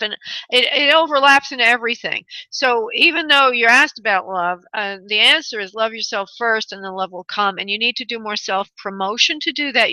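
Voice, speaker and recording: Bright, higher woman radio host, chatty medium, dry sound. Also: dry recording, low-quality recording. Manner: chatty, affectionate, laughs often. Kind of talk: call-in radio readings.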